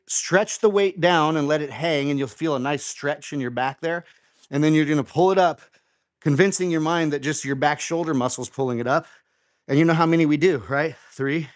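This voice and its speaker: A man's voice: mid-range voice, no echo, clean studio sound. Man coaching a home workout live. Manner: encouraging, counts reps aloud. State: slightly out of breath. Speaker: fitness host.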